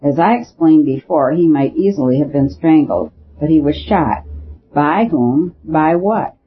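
A man's voice: a little high, expressive, a little slow. A man voicing the priest's blunt, gloomy friend, who explains things in a matter-of-fact way. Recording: dull lo-fi recording with faint hiss.

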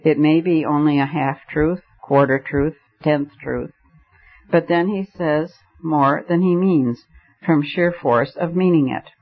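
A man's voice: on the high side, fairly even intonation, unhurried. Man reading as a fervent young poet. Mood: gentle. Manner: fervent and declamatory. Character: passionate, argumentative young male poet. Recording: dull lo-fi recording.

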